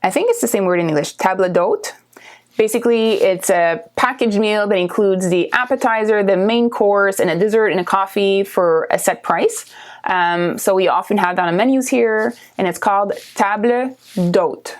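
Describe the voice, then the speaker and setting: A woman from Canada, teaching vocabulary and repeating each word clearly with a frequent "okay?". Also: medium pitch. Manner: slow, clear repetition, checking in with "okay?". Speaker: French teacher. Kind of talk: vocabulary lesson.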